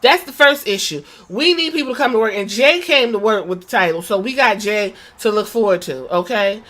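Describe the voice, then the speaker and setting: A woman hosting a podcast, recapping a wrestling show in casual, profane, animated storytelling with quoted impressions. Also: medium pitch, fairly quick. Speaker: podcast host.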